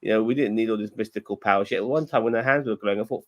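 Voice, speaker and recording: Blunt, low-voiced man. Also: very fast. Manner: blunt, opinionated, sweary. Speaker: podcast co-host. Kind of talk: casual chat.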